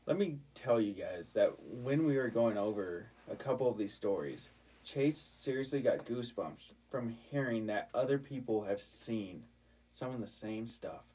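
A man's voice: on the low side, expressive, moderate pace, dark tone, slightly rough, recorded from a distance. A man co-hosting a podcast, dropping dry teasing remarks in casual banter. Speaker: podcast co-host.

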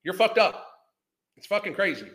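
A man's voice: high-pitched, very animated, moderate pace, fairly bright tone. A man, ranting in a heated, profane, scornful way as a podcast host. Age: 50s. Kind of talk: ranting commentary.

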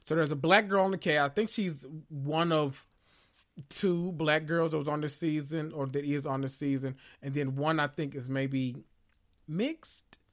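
A man from the South, hosting a podcast in casual, opinionated chat with dramatic swings in pitch. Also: steady tone, unhurried, fairly bright tone. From Southern United States. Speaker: podcast host.

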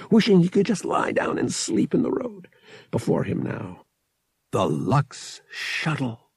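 A man reading an audiobook with expressive, dramatic storytelling. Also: medium pitch, vocal fry, breathy edge, no echo. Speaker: audiobook reader. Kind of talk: audiobook narration.

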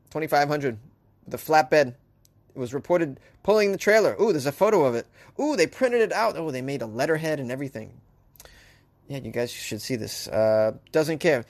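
A man hosting comedic news commentary, sarcastic and riffing, often laughing at his own jokes. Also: on the high side. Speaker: host.

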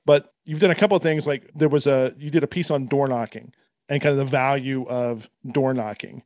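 A man's voice: mid-range voice, fairly even intonation, brisk, a little mellow, dry recording. A male host with a mid-range voice leads a casual interview. He asks thoughtful, winding questions. The sound is dry and close.

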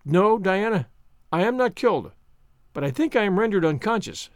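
Storybook girl, imaginative and dramatic, read by a man; lifted, animated delivery. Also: sits high, moderate pace, dry recording, studio quality. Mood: solemn. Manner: earnest, solemn, wordy. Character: imaginative dramatic girl, eleven years old.

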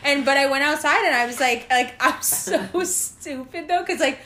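A young woman tells a wild story to her friends in a bright, fairly high voice. She laughs between sentences, leans on "like" constantly, and acts out what everyone said. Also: normal speed, a little hiss or hum. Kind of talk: casual chat.

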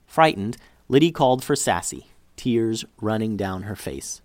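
A man reading a children's story aloud in an expressive, animated way. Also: fairly low pitch, measured pace, few pauses, no room sound.

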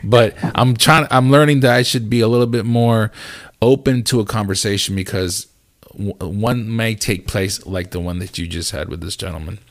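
A man hosting a podcast, talking in a reflective, measured way with his guest. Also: fairly low pitch, no echo, studio quality. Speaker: podcast host. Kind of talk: conversational interview.

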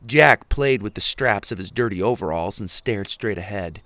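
A man narrating a storybook in the first person with an expressive delivery. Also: lowish voice, normal speed, hardly any pauses, no room sound. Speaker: audiobook narrator.

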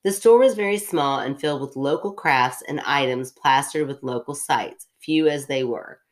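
A woman's voice: extremely low pitch, moderate pace. A woman hosting a podcast who reads a story aloud and breaks off into chatty, self-mocking asides. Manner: chatty, self-interrupting, laughs at herself. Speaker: podcast host reading a story.

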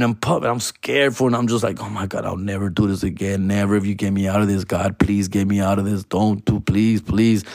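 A man's voice: on the low side, dry recording, clean studio sound. A man in his forties telling a personal story in casual, profane street slang, tagging lines with fool and dog and slipping into Spanish now and then. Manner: slips into Spanish phrases.

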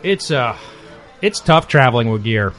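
A man's voice: mid-range voice, lively intonation, a little slow, a bit bright, faint music behind. A man hosting a food and drink podcast from a bar, talking in a loose, joking, rambling way. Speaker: podcast host. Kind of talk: casual chat.

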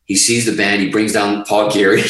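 A man telling a long story about his music career in a profane, animated way. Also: on the low side, normal speed, very echoey, recorded from a distance, low-quality recording. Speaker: guest musician. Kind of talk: casual storytelling.

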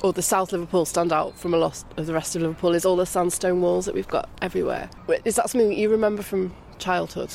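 Gravelly fast-talking interviewer. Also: mid-range voice, fairly even intonation, darkish tone, a little hiss or hum. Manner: curious, prompting questions. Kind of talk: conversational interview.

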